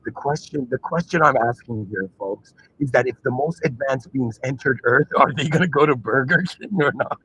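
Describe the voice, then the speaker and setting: A man's voice: medium pitch, normal speed, hardly any pauses, bright, forceful tone, husky, poor audio. Giggly rambling male podcaster. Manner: giggly and rambling, often breaking into laughter. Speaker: podcast host. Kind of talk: casual solo podcast monologue.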